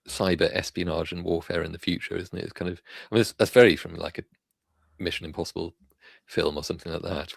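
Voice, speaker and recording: A man with a very deep, gravelly voice hosts a live science and tech news stream. He chats casually and rambles, restarting his sentences often. The sound is close and dry. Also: dry recording. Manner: rambling, many fillers and restarts. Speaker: livestream host.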